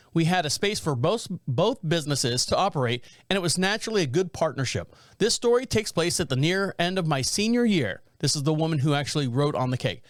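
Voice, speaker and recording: High-voiced man ranting through a story. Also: no echo, studio quality. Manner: rambling, blunt, joking, reads a story aloud with asides. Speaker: podcast host. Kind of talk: casual storytelling commentary.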